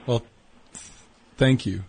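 A man sitting in as a musician guest on a radio comedy show, tossing off wry deadpan quips. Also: extremely slow, a little hiss or hum. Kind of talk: casual studio banter.

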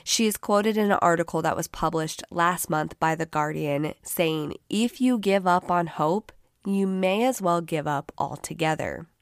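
A woman's voice: on the low side, a little slow, no echo, studio quality. Woman with a groggy voice hosting a podcast. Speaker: true crime podcast host. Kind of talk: scripted narration.

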